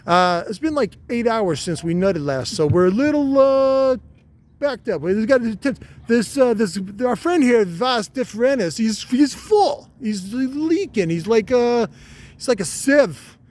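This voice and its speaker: A man voicing a talking testicle, a pushy male New York thug type with a high squeaky put-on voice and a New York accent, who nags his "boss". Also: expressive, unhurried, a little mellow. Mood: nagging. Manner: wheedling, nagging, calls narrator boss.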